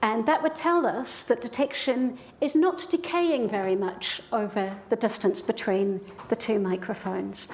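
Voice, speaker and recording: A woman's voice: a little high, measured pace, hardly any pauses, a little mellow. A woman professor giving a public lecture in a hall with an audience, explaining ideas step by step in an enthusiastic way.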